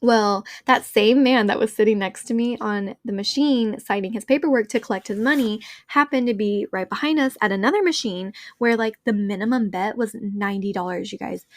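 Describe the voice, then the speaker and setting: A woman's voice: mid-range voice, brisk, no room sound, clean studio sound. A young woman hosting a podcast, telling a story in a bubbly, chatty way, full of "like" and talking straight to her listeners. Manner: bubbly, chatty, leans on filler "like", addresses listeners as y'all. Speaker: podcast host. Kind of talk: casual storytelling chat.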